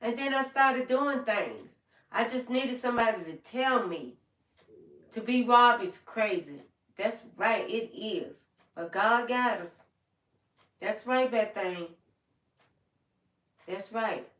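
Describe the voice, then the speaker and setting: A woman's voice: a little high, animated, slow pace, long pauses, fairly bright tone, roomy sound, distant mic. Folksy older woman chatting to viewers. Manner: folksy and heartfelt, talks straight to viewers by name. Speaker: livestream host. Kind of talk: casual livestream chat with viewers.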